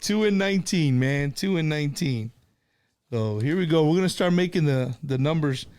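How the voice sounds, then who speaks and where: A man's voice: fairly high pitch, normal speed, darkish tone, smooth. A middle-aged man hosting a casual live stream, chatting and telling stories in an easygoing way, with plenty of "you know" and "man".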